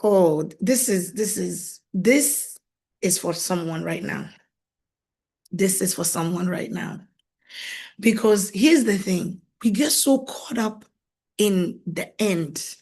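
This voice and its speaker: An animated woman delivers a faith-based coaching talk to her viewers. She laughs easily, slips into playful quoted voices, and repeats key lines for emphasis, at an ordinary middle pitch for a woman. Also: slow pace, husky. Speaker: marriage coach. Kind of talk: faith-based teaching monologue.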